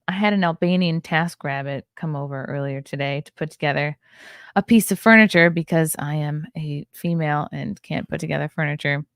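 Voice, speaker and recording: Sleepy woman podcast host, yawny and chatty, kinda low voice, dry close sound. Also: vocal fry, no room sound. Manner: chatty, rambling, reads chat aloud. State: tired and yawning. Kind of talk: casual livestream chat with viewers.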